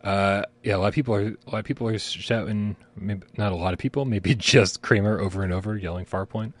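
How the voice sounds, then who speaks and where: This podcast co-host is a fast-talking man with a fairly low pitch and fairly even intonation, sharing a live gaming stream. Rambling and casually profane, he laughs frequently, and sirens can be heard outside.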